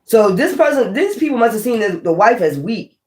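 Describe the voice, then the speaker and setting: A woman's voice: a little high, sing-song, a little fast, a little mellow. A woman giving a casual tarot reading, blunt and profane, thinking aloud as she goes. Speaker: tarot reader. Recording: roomy echo.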